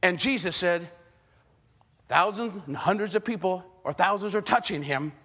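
A man preaching a sermon in an animated way, firing rhetorical questions at the congregation. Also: high voice, moderate pace, breathy edge. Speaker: pastor.

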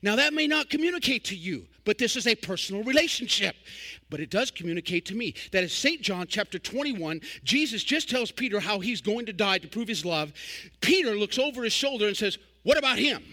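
High, bright-voiced folksy older preacher. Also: male voice. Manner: folksy, animated preaching with sudden loud bursts and quick asides. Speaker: traveling evangelist. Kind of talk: sermon.

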